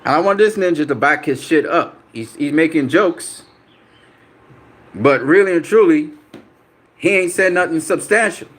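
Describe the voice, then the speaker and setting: A man running a boxing channel answers viewer comments on a live stream, combative and profane, repeating himself for emphasis. His voice is fairly high, expressive and a bit bright, at a moderate pace with frequent pauses.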